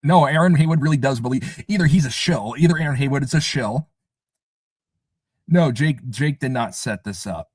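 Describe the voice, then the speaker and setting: A man's voice: mid-range voice, moderate pace, a little mellow, slightly rough, dry recording. A man hosting a casual live stream, talking emphatically and scoffing as he repeats his points. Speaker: livestream host.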